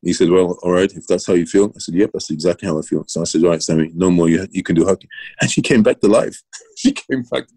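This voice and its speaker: Middle-aged guy, former coach, telling stories with lots of restarts, very low mellow voice, dry close mic. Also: quick pace, slightly rough, no room sound, low-quality recording. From Britain. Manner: rambling anecdotes with restarts and laughs. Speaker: guest, former Olympian and coach. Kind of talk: casual storytelling interview.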